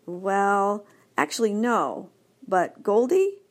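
A woman's voice: medium pitch, big pitch swings, slow. A woman voicing an eager young male dog. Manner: bouncy, enthusiastic.

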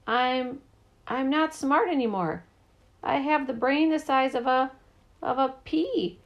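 A woman voicing an anxious, nerdy boy who has lost his genius, stammering in a high, panicky voice. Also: takes it slowly, dull audio. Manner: panicky, stammering, rising pitch.

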